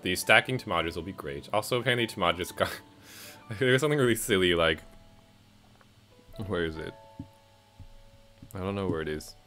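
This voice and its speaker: Deep bright-toned man rambling about a game. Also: moderate pace, long pauses, soft background music. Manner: rambling, many fillers and self-corrections. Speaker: game reviewer. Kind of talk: casual commentary. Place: home, music playing behind.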